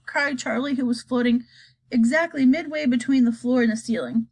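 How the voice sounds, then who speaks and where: A woman reading a children's storybook aloud, expressive and lively. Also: high-pitched, normal speed. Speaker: reader.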